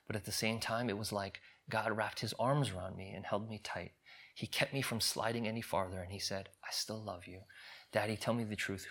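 Man voicing a remorseful grown daughter, soft and subdued, storybook reading, bright forceful tone, lowish pitch. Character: grown daughter, repentant and shaken, pleading.

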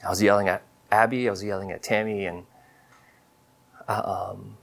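A man in his thirties telling a personal testimony in a sermon, earnest and confessional, halting with many fillers and restarts. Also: lowish voice, steady tone, vocal fry. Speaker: preacher.

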